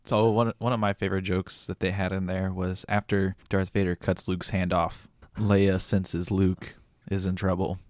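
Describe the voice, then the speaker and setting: A young man co-hosting a casual podcast chat, measured and explaining at length. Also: low-pitched, flat delivery, darkish tone, no echo. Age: young adult. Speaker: podcast co-host.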